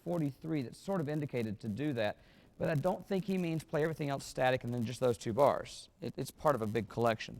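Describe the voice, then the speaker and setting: During a wind band rehearsal in a concert hall, a male clinician with a mid-range, creaky, slightly mellow voice gives upbeat instructions and demonstrates phrases by scatting them.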